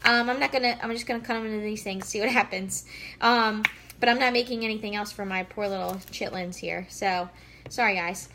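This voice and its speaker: A woman's voice: mid-range voice, steady tone, brisk, bright, forceful tone, slight background noise. A woman in her thirties chatting casually and bubbly while cooking in her home kitchen, full of fillers. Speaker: fitness vlogger. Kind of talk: casual live cooking chat.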